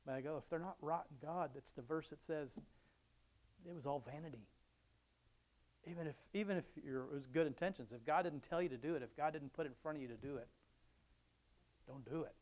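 A man's voice: a little high, brisk, long pauses, darkish tone. Rambling man giving a casual devotional talk. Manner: rambling, chuckles often, restarts sentences. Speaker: Christian speaker.

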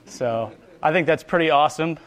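Man sharing his faith story, higher voice. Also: normal speed. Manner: earnest, rambling, with frequent restarts and quoted prayers. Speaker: Christian speaker sharing his testimony. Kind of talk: personal faith testimony.

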